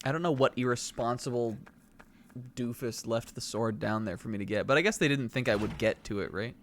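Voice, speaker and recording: A young man casually commenting on a game he is streaming, rambling with lots of fillers and laughing asides, reacting excitedly to what happens on screen. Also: medium pitch, fairly quick, slight background noise.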